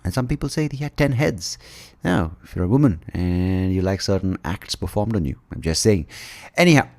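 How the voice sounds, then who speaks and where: A man's voice: low voice, animated, moderate pace, gravelly, darkish tone. A man from India hosting a podcast, riffing through an irreverent, rambling comic monologue. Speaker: podcast host. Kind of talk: comedic monologue.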